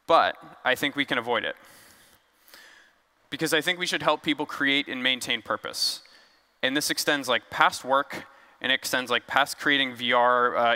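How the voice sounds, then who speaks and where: A man's voice: mid-range voice, pushed and bright, clear, resonant tone, big-room sound. A man giving a casual, joking conference talk on stage, loose and conversational with fillers. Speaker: conference speaker. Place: large conference hall.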